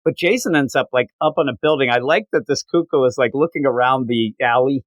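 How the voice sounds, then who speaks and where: A man's voice: mid-range voice, brisk, dry recording. A man co-hosting a podcast, casually retelling comic book scenes and acting out the characters' lines. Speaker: podcast co-host.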